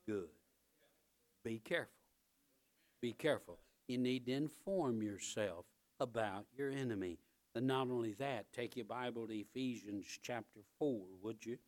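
A male pastor preaching a sermon in church, emphatic and repetitive, building up to loud, driving peaks. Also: mid-range voice.

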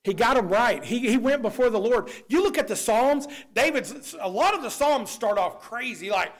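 Animated high-voiced preacher. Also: male voice, moderate pace. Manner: animated preaching, swings from loud to low. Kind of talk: sermon.

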